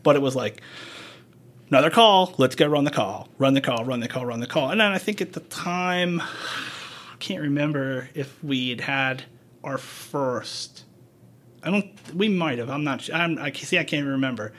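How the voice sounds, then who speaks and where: A man's voice: medium pitch, animated, normal speed, a bit bright. A man working as a paramedic, chatting frankly on a podcast, swearing and acting out quoted dialogue as he tells his stories. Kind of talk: casual podcast chat, storytelling.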